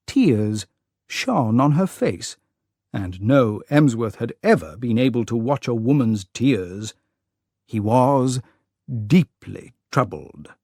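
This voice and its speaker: An audiobook narrator reading a classic story slowly and clearly for English learners, with an expressive delivery. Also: mid-range voice, no room sound, studio quality.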